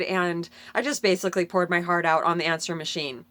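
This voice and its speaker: A woman's voice: on the low side, fairly even intonation, a little fast, few pauses, fairly bright tone, dry recording. A middle-aged woman telling a heartfelt personal story in an earnest, rambling way, often correcting herself mid-sentence. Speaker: vlogger sharing a personal story.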